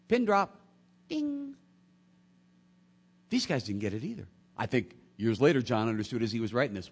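Man, sermon, fairly high voice, very lively pitch. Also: normal speed, slightly rough. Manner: animated, swings between soft and loud. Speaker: preacher.

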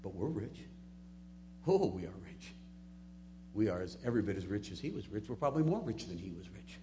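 A man preaching a sermon, moving between soft, low asides and loud, emphatic peaks. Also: big pitch swings, fairly quick, background noise. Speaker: pastor.

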